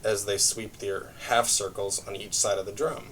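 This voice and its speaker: A man teaching a brush drumming lesson, explaining patterns step by step in a relaxed way with frequent fillers. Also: on the low side, normal speed, slight background noise. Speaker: music teacher. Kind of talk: drum lesson demonstration.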